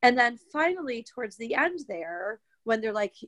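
A woman's voice: a little high, normal speed, no echo. Young woman chatting, dry close sound. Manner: chatty, animated retelling with many quoted asides. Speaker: guest telling her birth story. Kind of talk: casual conversational storytelling.

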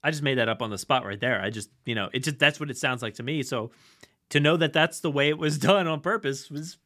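A man's voice: medium pitch, quick pace, pushed and bright. Chatty male podcast host. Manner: chatty, laughing, restarts a lot. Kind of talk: casual chat.

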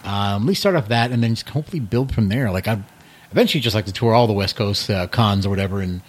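A man in his thirties, a guest in a casual podcast chat, talking in a relaxed, rambling way with many fillers. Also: on the low side, fast talker. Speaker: guest, comic creator.

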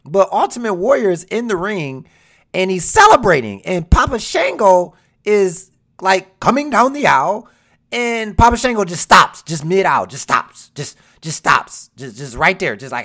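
An excitable wrestling fan counts down favorite moments in casual commentary. The voice has a gravelly, fry-laden edge. The speaker often breaks into laughter and acts out the scenes in quoted voices. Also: medium pitch, moderate pace. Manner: laughs while telling.

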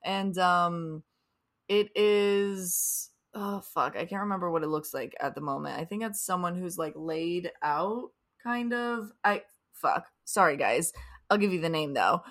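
A woman's voice: fairly low pitch, unhurried, a bit bright. A young woman co-hosting a casual TV recap podcast, rambling, swearing freely, and trailing off into restarts. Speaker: podcast co-host. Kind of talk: casual chat.

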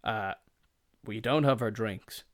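A man's voice: on the low side, slow pace, no room sound. Man telling a rambling story in a dry room. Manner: swearing, rambling, quoting family members. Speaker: podcast host. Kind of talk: casual storytelling monologue.

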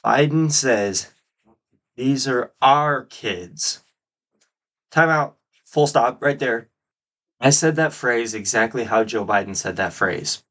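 A man hosting his own podcast, giving solo political commentary with emphatic, drawn-out stresses on key words. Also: medium pitch, fairly bright tone. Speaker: podcast host.

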